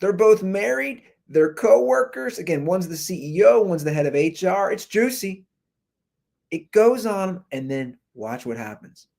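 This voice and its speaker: High, lively-voiced man ranting. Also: measured pace, creaky. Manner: animated, jokey, talks over clips. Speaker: podcast host. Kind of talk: ranting commentary on viral videos. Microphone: computer's built-in mic.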